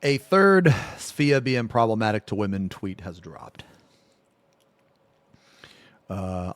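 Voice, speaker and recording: Loud, crude male streamer, dry sound. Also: lowish voice, very animated, slow, long pauses, no room sound. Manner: loud, crude joking banter; coughing through the stream. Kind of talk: live-stream reaction commentary.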